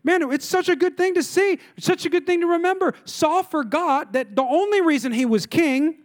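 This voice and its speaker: Male pastor, middle-aged, high-pitched, animated sermon delivery with rhetorical questions. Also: moderate pace. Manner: animated preaching, rhetorical questions, mimicking complainers.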